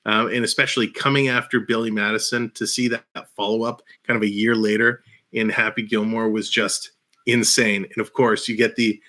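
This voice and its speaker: A man's voice: on the low side, little pitch movement, brisk, sharp tone. A man hosting a casual live stream, rambling enthusiastically and laughing often while talking through a headset mic in a small room. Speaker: livestream host.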